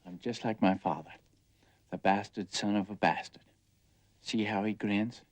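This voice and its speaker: An actor as a dreamy young man in a 1950s film, with a lowish voice. He broods bitterly, restless to get away. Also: fairly even intonation, normal speed, natural voice. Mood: brooding. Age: young adult. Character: restless young man yearning to leave home. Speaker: restless son.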